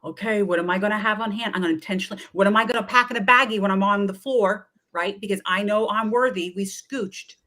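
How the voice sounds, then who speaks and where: A middle-aged woman, a wellness coach, telling lively stories in an interview and acting out what people said to her. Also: medium pitch, quick pace, hardly any pauses. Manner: energetic, chatty, often acts out quoted voices. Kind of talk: animated storytelling in a talk-show interview.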